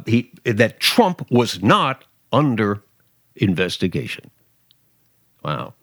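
A man hosts a political commentary show in a casual, sarcastic tone, frequently mimicking the voices of others to mock them. His voice sits low with a slight brightness, captured as clean studio sound with no room noise.

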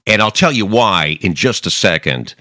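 Deep-voiced man hosting a political podcast. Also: animated, normal speed, sharp tone, no room sound, studio quality. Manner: rambling, emphatic, with many restarts and mocking quoted voices. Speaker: podcast host. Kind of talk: opinionated political commentary.

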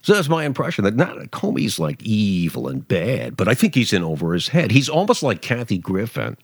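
A sarcastic man talking through political commentary in a casual, lively way. His voice sits fairly low and swings widely in pitch. The sound is dry and close, with no room echo. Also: a little fast, breathy edge. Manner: sarcastic, animated, mocking voices with laughs.

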